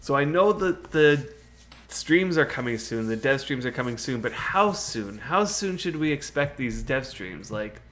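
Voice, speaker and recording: A man's voice: medium pitch, expressive, a little slow, few pauses, a bit bright. Chatty male streamer answering viewer chat. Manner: laughs often, with many fillers like "you know". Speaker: game streamer. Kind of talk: casual live-stream chat.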